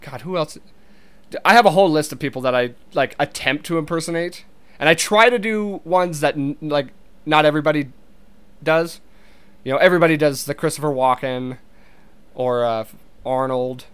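A man's voice: fairly high pitch, normal speed, long pauses, fairly bright tone, smooth. A young man talking casually and rambling, with frequent swearing and restarts. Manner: rambling, swears, many restarts, laughs easily. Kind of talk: casual monologue.

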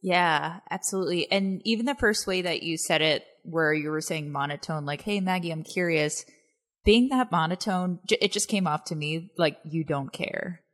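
A woman's voice: on the low side, normal speed, few pauses, a bit bright. A woman hosting an interview, chatty and casual, asking questions with many fillers. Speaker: interview host.

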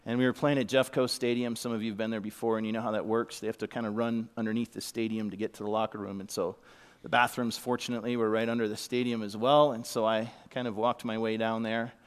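A man's voice: lowish voice, level tone, a little fast, clear, resonant tone. A middle-aged man giving a sermon as a pastor, telling a heartfelt story and sometimes dropping to a whisper. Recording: long reverb of a large hall.

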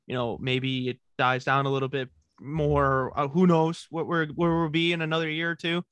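Chill young dude on a hockey podcast, bright sharp voice, dry close mic. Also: male voice, fairly high pitch, level tone, moderate pace, clean tone, no room sound. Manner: laid-back, says dude and bro often. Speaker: podcast co-host. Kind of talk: casual sports chat.

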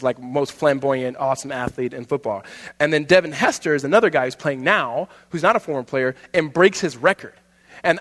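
Animated preacher in a reverberant hall. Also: male voice, a little high. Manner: animated storytelling, laughs often, drops soft for emphasis. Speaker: pastor. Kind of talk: sermon.

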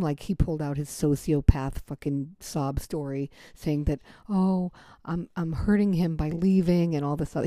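A woman's voice: sits low, dark tone, no echo. An American woman hosting a podcast, telling a personal story in a candid, casual way and swearing freely. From United States. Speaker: podcast host.

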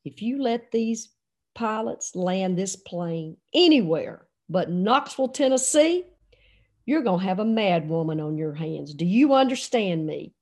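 A woman's voice: medium pitch, big pitch swings, measured pace, few pauses, slightly rough. A woman quoting a pregnant friend in labor who gives firm, no-nonsense orders. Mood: stern.

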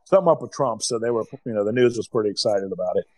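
A man's voice: lowish voice, lively intonation, racing, darkish tone, no room sound, poor audio. Profane joking man from Ohio. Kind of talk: casual chat.

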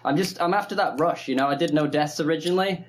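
A man's voice: on the high side, fast. A man chatting casually as a guest, laid-back, with lots of fillers and laughter. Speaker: guest gamer. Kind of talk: casual group chat.

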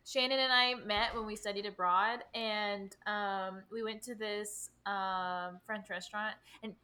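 A woman chatting on a podcast, telling an animated story and acting out what people said. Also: medium pitch, a little slow. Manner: animated storyteller, acts out quotes. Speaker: podcast guest. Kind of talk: casual chat.

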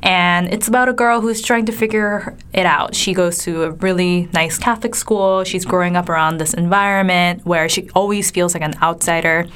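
A young woman from California chats casually as a co-host, telling her story in an earnest way with plenty of ums and likes. Her voice sits a little low for a woman. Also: steady tone, normal speed, few pauses, fairly bright tone, clear, resonant tone. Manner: earnest, filler-heavy storytelling. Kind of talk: casual chat.

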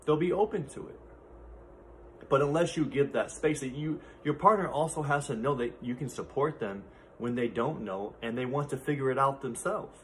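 A man's voice: medium pitch, moderate pace, a little hiss or hum. A man in his thirties hosting a solo podcast, speaking in an earnest, heartfelt way from his own experience. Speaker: podcast host. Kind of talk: reflective solo talk.

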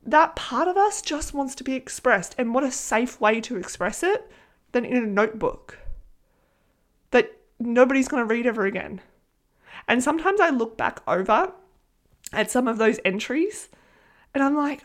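An Australian woman hosting her own podcast, talking in a chatty, earnest way, animated and swearing freely. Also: a little high, normal speed. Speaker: podcast host and manifestation coach. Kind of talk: casual solo podcast talk.

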